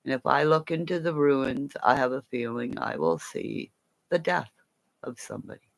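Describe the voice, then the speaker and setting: A woman's voice: extremely low pitch, moderate pace, vocal fry. A woman from Canada ranting angrily to camera in a profane, rambling monologue. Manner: profane and angry; rambling, jumps between topics. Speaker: vlogger.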